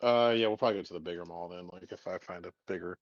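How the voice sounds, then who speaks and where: A man with a fairly low voice, talking bluntly and swearing his way through a tabletop game. The recording sounds dull and lo-fi. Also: very fast, slight background noise. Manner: profane, blunt, animated. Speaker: player. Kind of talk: casual tabletop role-play chat.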